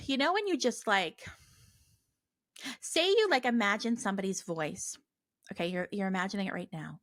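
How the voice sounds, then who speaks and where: A woman hosting a spiritual podcast, talking casually and earnestly, with many fillers and soft asides. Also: mid-range voice, dry recording, studio quality. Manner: chatty, earnest, many fillers, voices her own prayers softly. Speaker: podcast host.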